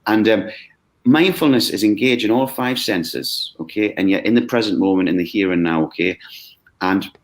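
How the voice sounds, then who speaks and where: Guy, kinda low voice, chatty and animated, lots of "okay?" on a video call. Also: moderate pace, a little hiss or hum. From United Kingdom. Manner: animated, acts out quoted voices, frequent "okay?". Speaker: mindfulness course leader. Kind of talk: conversational explanation.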